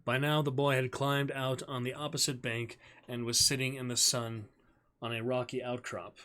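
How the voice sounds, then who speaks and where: A man streamer reading a novel aloud in a measured, steady storytelling voice. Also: mid-range voice.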